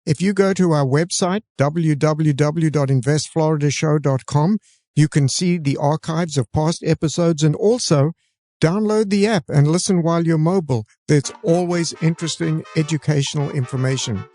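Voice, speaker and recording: A man with a real Southern US accent, co-hosting a real estate podcast in a relaxed, easygoing chat with dry jokes. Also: on the high side, normal speed, no echo. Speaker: podcast co-host. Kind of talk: casual chat.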